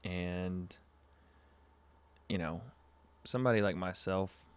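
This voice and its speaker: A man's voice: low voice, slow, clean tone. A young man from Southern California hosting a podcast livestream, telling a rambling story with lots of fillers, on a webcam mic. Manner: laid-back, rambling with frequent fillers and laughs. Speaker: podcast host.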